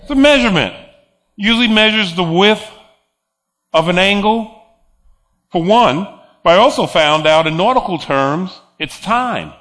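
A man's voice: sits high, animated, a little slow, pauses often, a bit bright. A man preaching a sermon, emphatic, repeating phrases and chuckling between points.

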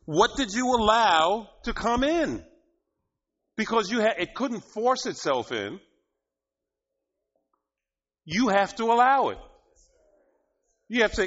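A man preaching a sermon, often laughing and rising to loud, emphatic bursts, in a dull lo-fi recording. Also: sits high, very animated, slow, long pauses.

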